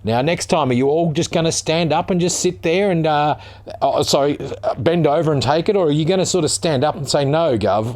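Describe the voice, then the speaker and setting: An Australian vlogger rants sarcastically while reading out a news article, swearing as he gets heated. His voice is on the high side and a little mellow.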